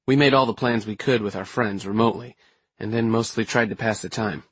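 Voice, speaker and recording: Husky-voiced male audiobook narrator. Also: on the low side, a little fast, fairly bright tone, no echo. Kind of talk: first-person scripted narration.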